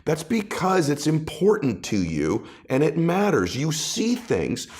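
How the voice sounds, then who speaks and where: A man's voice: fairly high pitch, huge pitch swings, unhurried, a little mellow. A middle-aged man talking in an interview, passionate, building emphasis through repeated phrases. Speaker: podcast guest and author. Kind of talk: conversational interview.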